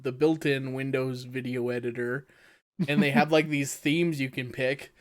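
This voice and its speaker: A young man co-hosting a podcast, chatting in a relaxed way with frequent chuckles and filler words. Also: mid-range voice, moderate pace. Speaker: podcast co-host. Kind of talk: casual chat.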